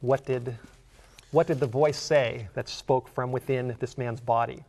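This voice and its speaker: Creaky-voiced male preacher. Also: mid-range voice, fairly even intonation, unhurried, a little mellow. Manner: earnest storytelling, rising to emphatic questions. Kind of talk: sermon, Bible exposition.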